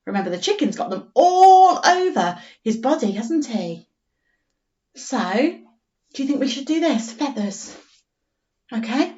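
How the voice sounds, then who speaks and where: A woman's voice: high voice, animated, reverberant, distant mic, dull audio. A woman teacher reading a story to young children and sounding out letters in an online lesson. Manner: slow, sing-song story reading with phonics sounding out. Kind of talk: remote primary school story lesson.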